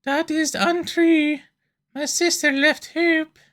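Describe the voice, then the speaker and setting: A woman reading aloud as a proud, reproachful mermaid in a game, in a slow, measured way. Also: high-pitched, steady tone, fairly bright tone.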